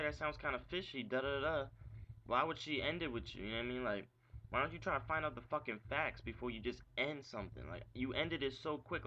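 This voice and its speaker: A young man rants into his camera about a breakup, agitated and profane, circling back with "like" and pointed questions. His voice is bright and forward, captured as dull, lo-fi webcam audio with a faint hiss underneath. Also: mid-range voice. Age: young adult. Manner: agitated, profane ranting with frequent "like". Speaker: vlogger venting about an ex. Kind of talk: ranting vlog monologue.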